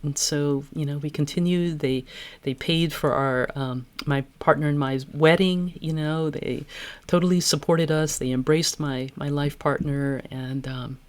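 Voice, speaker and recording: A woman's voice: low voice, fairly even intonation, a little slow. A woman-voiced podcast guest telling personal stories candidly and reflectively, laughing easily. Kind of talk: personal storytelling in interview.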